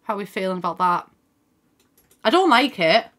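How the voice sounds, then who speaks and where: A woman's voice: medium pitch, very animated, normal speed, fairly bright tone. A young woman chatting casually on a live game stream, thinking aloud, swearing now and then and thanking viewers by name. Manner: swears casually and laughs often. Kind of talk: casual gaming stream chat.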